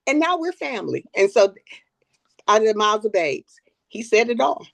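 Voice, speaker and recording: A woman's voice: mid-range voice, expressive, a little fast, creaky. An older woman shares her story as a guest, earnest and reflective, sometimes stumbling and repeating herself as she finds the words. Her voice sits in a middle register. The sound is close and dry, with no room echo. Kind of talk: candid personal conversation.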